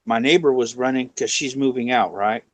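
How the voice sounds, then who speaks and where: A man's voice: mid-range voice, moderate pace, poor audio. A man chatting as a guest on a live stream, telling a long rambling story and acting out the quotes. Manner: rambling anecdote full of "you know", acting out quotes. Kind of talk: casual storytelling chat.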